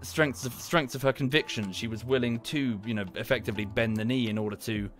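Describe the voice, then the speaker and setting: Male streamer, mid-pitched voice, rambling casual rant, spikes into exasperated yelps, faint music underneath. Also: fairly even intonation, fairly quick, a bit bright. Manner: rambling, heated rant with sudden high outbursts. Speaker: gaming streamer.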